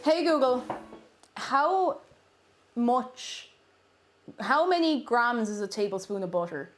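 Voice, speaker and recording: A woman's voice: on the high side, sing-song, brisk. A woman live-streaming from her home kitchen while baking, chatting playfully and humming and singing to herself. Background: music.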